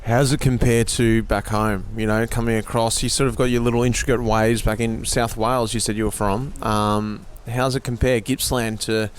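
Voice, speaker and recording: A man's voice: medium pitch, level tone, moderate pace, few pauses, a little hiss or hum. An Australian man hosting a podcast, chatting casually and matily with riding companions outdoors on a bike trip. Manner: chatty, matey banter. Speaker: podcast host. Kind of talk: casual on-the-road chat.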